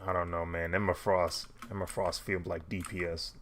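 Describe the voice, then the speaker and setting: A man's voice: deep voice, level tone, moderate pace, a bit bright, slight background noise. A man chatting casually while he draws, laid-back, with mumbled asides and frequent laughs. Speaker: digital artist streaming. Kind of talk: casual chat while drawing.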